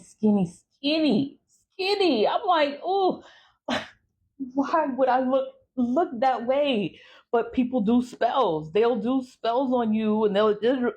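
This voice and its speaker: A woman talking straight to camera in a blunt, profane warning rant, telling stories with lots of energy. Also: fairly low pitch. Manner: blunt, profane, animated storytelling. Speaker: vlogger.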